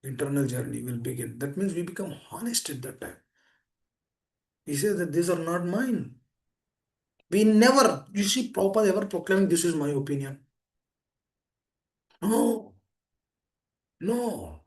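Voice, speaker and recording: A man preaching a sermon through an online meeting call. His voice sits a little on the high side for a man. He presses his points with urgent, raised lines, then drops into hushed, low appeals to his listeners. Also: animated, a little slow, vocal fry, long pauses. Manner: repeats pleading appeals to the listeners.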